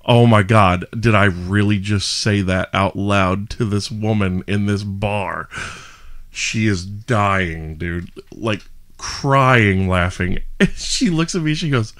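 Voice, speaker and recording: A man's voice: on the low side, slow, a bit bright. A young man, a podcast host, telling a story animatedly with frequent laughter and self-mocking asides. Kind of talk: casual storytelling.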